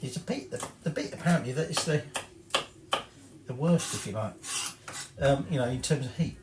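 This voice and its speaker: A man's voice: medium pitch, moderate pace, background noise. A man giving a casual cooking demonstration, chatty and rambling, correcting himself and swearing offhandedly. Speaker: home cook presenting a recipe. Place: home kitchen. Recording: echoey kitchen with clattering dishes.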